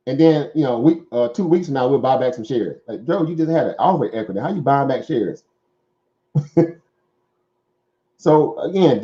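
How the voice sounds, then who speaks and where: A man's voice: mid-range voice, mellow, muffled recording. A man with a Southern accent hosting a casual stock market talk, rambling and conversational, full of fillers and tag questions. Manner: rambling, conversational, many fillers and "right?" asides. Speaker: stock market show host.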